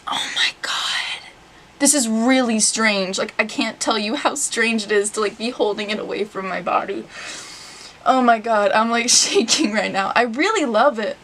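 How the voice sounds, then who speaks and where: A young woman with a slightly high voice talks to her camera at home, excited and breathless. She gasps and often drops to a whisper, as if talking to herself. A faint hiss of room noise sits under her voice. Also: moderate pace. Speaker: vlogger. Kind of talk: casual vlog monologue.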